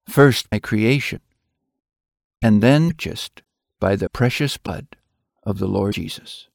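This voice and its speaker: A man's voice: fairly low pitch, unhurried, creaky. A man reading a Christian story aloud expressively, acting out the characters and ending with a moral. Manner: expressive, acts out voices.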